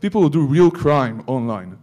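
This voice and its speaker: A man's voice: fairly high pitch, sing-song, moderate pace, a little mellow. A man giving a security conference talk, breaking into joking asides to the audience. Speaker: conference speaker.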